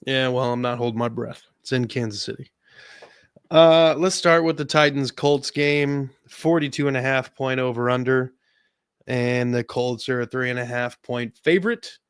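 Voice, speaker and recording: A man co-hosting a sports podcast in a relaxed, chatty way, laughing easily as he goes through stats. His voice sits at an ordinary pitch. The recording is dry and close. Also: moderate pace, clear, resonant tone, no echo. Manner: relaxed, laughs often, stats-heavy rundown. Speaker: podcast co-host. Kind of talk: casual sports chat.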